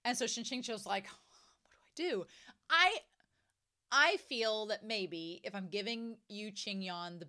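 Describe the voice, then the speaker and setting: Bright-voiced woman chatting about a book. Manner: animated, swings to excited high squeals. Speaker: book reviewer. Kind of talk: casual book discussion.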